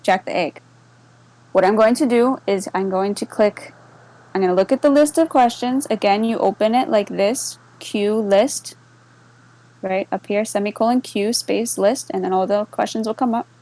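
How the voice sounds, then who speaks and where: A woman's voice: medium pitch, moderate pace, poor audio. A woman walking listeners through a screen-share tutorial, mixing English and Spanish and checking in often with "okay?". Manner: relaxed, with many fillers. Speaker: server moderator explaining a bot.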